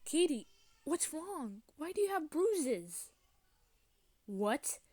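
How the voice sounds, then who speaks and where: A woman voicing a peppy, fiercely loyal female cheerleader bird who speaks in a higher, bouncier voice in a fan voice-acting story. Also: very animated, takes it slowly, darkish tone, no room sound, exaggerated voice. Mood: worried.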